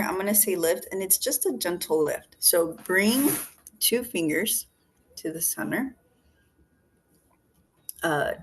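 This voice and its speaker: A woman leading a face yoga class over a video call, giving calm step-by-step cues and counting breaths. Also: fairly low pitch. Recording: video call audio with faint background noise.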